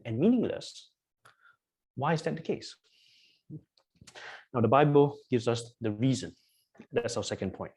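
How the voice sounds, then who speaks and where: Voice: medium pitch, darkish tone, slightly rough. A preacher giving a sermon to a congregation, emphatic and repetitive, often asking the listeners questions. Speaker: pastor. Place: church.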